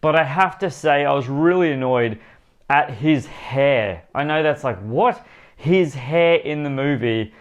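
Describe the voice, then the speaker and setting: A man's voice: a little high, a little slow, clean tone, highs cut off. A man giving a casual spoken movie review for his channel, rambling and emphatic, repeating himself and talking straight to his viewers.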